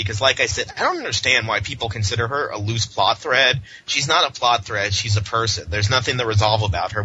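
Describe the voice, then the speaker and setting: Sarcastic, ranting man with a bright voice. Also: fairly low pitch, a little hiss or hum. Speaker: comic book podcast host. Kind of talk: casual comic review. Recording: muffled lo-fi audio.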